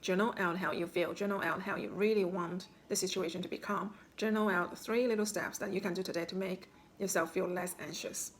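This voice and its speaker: A woman as a spiritual healing coach, calmly guiding listeners through self-reflection with instructive questions. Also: lowish voice, a little fast, few pauses, a little hiss or hum. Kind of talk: guided self-reflection talk.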